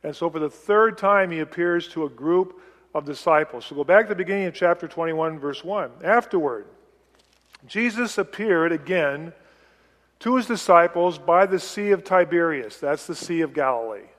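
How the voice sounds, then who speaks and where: A man's voice: on the high side, expressive, normal speed, fairly bright tone. A middle-aged man preaching on a Bible passage in a conversational way, chatty, with light laughs and acted-out quotes. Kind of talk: conversational sermon. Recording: long reverb of a large hall.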